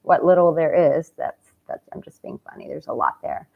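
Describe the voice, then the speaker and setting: A woman's voice: sits low, sing-song, normal speed, creaky. Woman, dating coach, advice vlog to camera, passionate and cheeky, casual swearing, somewhat muffled recording.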